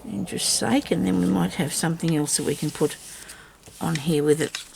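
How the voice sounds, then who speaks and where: A woman's voice: low-pitched, steady tone, moderate pace, vocal fry, a little mellow, a little hiss or hum. A woman chatting casually as she crafts on camera, talking to herself and her viewers and teasing herself with small laughs. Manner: chatty, talks to herself and viewers while working. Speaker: crafter filming a tutorial.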